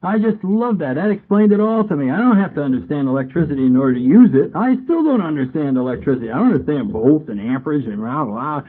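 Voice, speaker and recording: A man's voice: a little high, lively intonation, fast talker, few pauses, husky. Man sharing his recovery story at a meeting, chatty, acts out old conversations; lo-fi tinny tape. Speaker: AA speaker.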